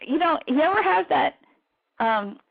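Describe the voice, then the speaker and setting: A woman guest on a radio interview, talking in an animated way with laughter breaking into her sentences. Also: sits high, a little slow, creaky. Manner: animated, laughs mid-sentence, trails off in restarts. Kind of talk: casual radio interview chat. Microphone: phone. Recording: tinny phone line.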